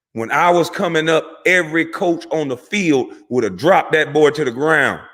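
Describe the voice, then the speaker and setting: A man's voice: fairly high pitch, pushed and bright. A man, a former pro athlete, delivering a heated, profane, preachy rant to camera that repeats words for emphasis. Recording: long hall reverb.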